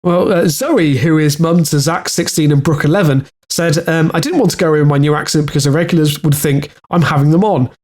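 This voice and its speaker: A man's voice: on the high side, brisk, hardly any pauses, darkish tone. A man with a Welsh accent co-hosting a podcast, reading news stories aloud in casual chat with many fillers and restarts. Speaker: podcast co-host.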